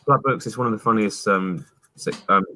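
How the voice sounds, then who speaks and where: A man's voice: lowish voice, brisk, background noise. A young man chatting casually, hesitant and often stammering. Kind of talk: casual chat.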